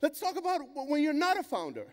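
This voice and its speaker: A high-voiced man with a German accent tells stories from a conference stage with blunt, swearing energy. His voice rings out through a large hall with a long reverb tail. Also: wildly swooping pitch, fast talker. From Greece. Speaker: conference speaker. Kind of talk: keynote storytelling.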